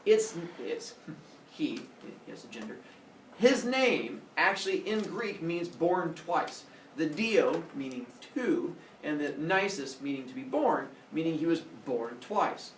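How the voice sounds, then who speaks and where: A man's voice: fairly high pitch, fairly bright tone, a little hiss or hum. A male teacher retelling a myth to his class in a playful, jokey way. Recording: echoey classroom from far off.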